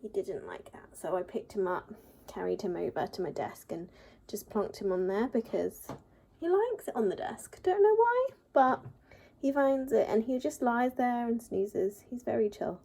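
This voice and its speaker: A woman's voice: mid-range voice, moderate pace, vocal fry, mellow, a little hiss or hum. A young woman chatting casually in a rambling vlog, with lots of "like" and "um". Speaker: vlogger.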